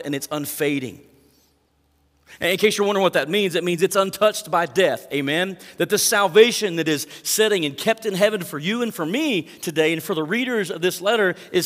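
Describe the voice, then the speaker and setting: A pastor giving a sermon, reading verses and explaining them with emphatic rises and asides to the congregation. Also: male voice, fairly high pitch, a bit bright, big-room sound.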